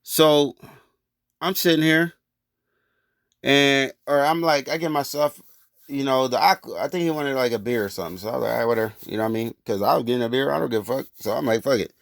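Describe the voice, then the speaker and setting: A man spins a casual personal story in loose, rambling street talk full of cursing. His voice sits at an ordinary middle pitch. The sound is dry and close, with no room echo. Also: a little fast, vocal fry. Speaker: vlogger telling a personal story.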